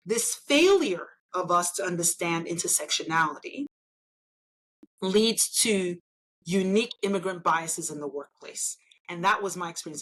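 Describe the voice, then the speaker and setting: A Nigerian woman, an engineer and elected official, speaks as a guest in a conversational interview, arguing emphatically and persuasively and often ending points with "right?". Her voice is lowish and a bit bright, and the audio quality is poor.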